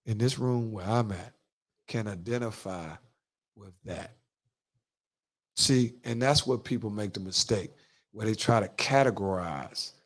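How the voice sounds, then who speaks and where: A man's voice: sits high, fairly bright tone. Slangy DC man hosting a podcast. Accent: Washington DC. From Washington DC. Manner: slangy, emphatic storytelling with heavy street talk. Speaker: podcast host. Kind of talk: casual podcast talk.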